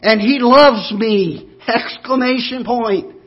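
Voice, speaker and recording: A man's voice: slow, breathy edge, highs cut off. Impassioned man preaching a sermon. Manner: builds from low and quiet to loud emphatic repetition. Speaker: pastor.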